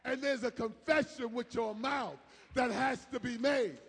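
A man with a high, husky voice preaches. He moves between low, quiet asides and shouted peaks, and his voice rings with a long reverb from a church sanctuary. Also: a little slow. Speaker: pastor. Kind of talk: sermon.

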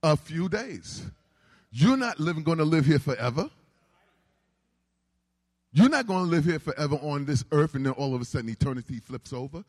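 A man preaching a sermon in a call-and-response style, building to shouts. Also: a little high, animated, moderate pace, pauses often. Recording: reverberant hall.

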